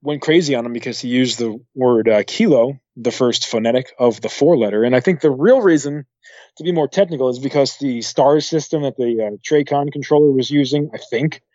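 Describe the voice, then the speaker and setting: A man's voice: mid-range voice, brisk, dry recording, dull audio. A man from upstate New York, a former air traffic controller, chatting as a podcast guest and acting out the voices in his stories. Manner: animated storyteller who acts out quoted voices. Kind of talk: casual conversation.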